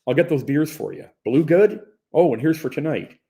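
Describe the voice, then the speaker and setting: A man's voice: a little high, lively intonation, normal speed, creaky, mellow, pitched above the performer's own voice. A male narrator voicing a friendly, easygoing party organizer who talks in a chummy, casual way with some swearing.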